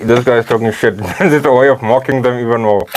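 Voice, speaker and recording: A man's voice: medium pitch, fast, a little hiss or hum. A man, hosting a podcast in casual, laid-back chat, swearing and laughing often. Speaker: podcast host.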